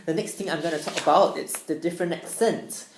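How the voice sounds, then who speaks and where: A young adult woman, an international student, gives an upbeat explanatory presentation in a deep, steady voice at a brisk pace. The room is echoey, with slight background noise.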